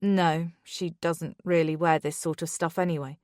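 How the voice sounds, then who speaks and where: A woman's voice: deep voice, fairly even intonation, normal speed, darkish tone, no echo, clean studio sound, lightly acted. A woman voicing a man in his forties who answers in a curt, indifferent manner. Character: man past forty, flat and indifferent office worker.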